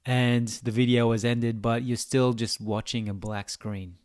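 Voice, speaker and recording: A man's voice: medium pitch, flat delivery, measured pace, darkish tone. A man with an Australian accent, a gaming video creator giving a rambling, mock-philosophical monologue that teases the viewer.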